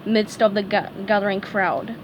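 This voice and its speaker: A woman reading a cartoon fan story aloud, slowly and carefully, with the odd stumble. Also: mid-range voice, fairly even intonation, highs cut off, background noise. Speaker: fan fiction reader. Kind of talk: storybook read-aloud narration.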